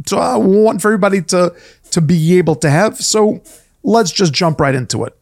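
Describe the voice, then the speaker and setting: A man's voice: high-pitched, a little fast, a little mellow. A man co-hosting a casual podcast, rambling playfully with jokes and many restarts. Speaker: podcast co-host. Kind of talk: casual chat.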